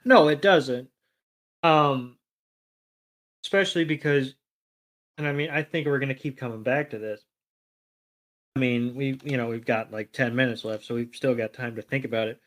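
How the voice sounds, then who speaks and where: A relaxed man co-hosting a casual podcast, retelling a cartoon story and slipping into quick voices for each character. His voice sits at an ordinary middle pitch. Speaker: podcast co-host. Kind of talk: casual chat recapping a cartoon episode.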